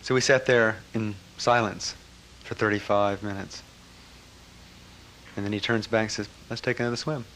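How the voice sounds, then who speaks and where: A man telling a personal story to an audience, animated, with frequent laughter and trailing fillers. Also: lowish voice, unhurried, pauses often, a little hiss or hum. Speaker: speaker recounting a memory. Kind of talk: personal anecdote to a live audience.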